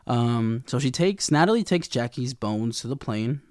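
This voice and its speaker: A man's voice: mid-range voice, lively intonation, moderate pace, a little mellow, no room sound, studio quality. A young man casually recapping a TV episode in a slangy, rambling way, acting out the characters' lines. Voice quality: gravelly, with vocal fry.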